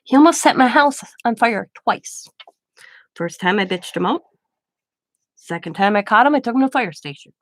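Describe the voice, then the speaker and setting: Blunt animated middle-aged woman storyteller. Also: on the high side, moderate pace, long pauses, no room sound. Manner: animated, blunt, acts out quoted people. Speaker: crafting channel host. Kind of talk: casual storytelling.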